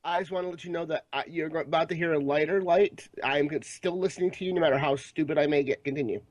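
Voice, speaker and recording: High-voiced crude joking man. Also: fairly even intonation, quick pace, no echo. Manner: crude, self-mocking jokester. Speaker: podcast co-host. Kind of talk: casual podcast banter.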